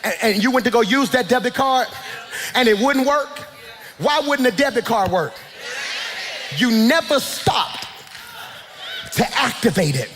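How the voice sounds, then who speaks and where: A man preaching a sermon as pastor, shouting in a sing-song cadence and dropping into hushed storytelling asides. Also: very high voice, expressive, measured pace, long pauses, slight background noise. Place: large church hall. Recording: reverberant church hall.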